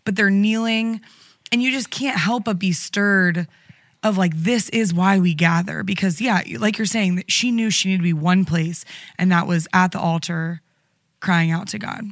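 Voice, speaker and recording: A woman's voice: mid-range voice, moderate pace, dry recording, clean studio sound. A woman co-hosting a podcast, talking earnestly and supportively in casual conversation. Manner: supportive, earnest, frequent affirmations.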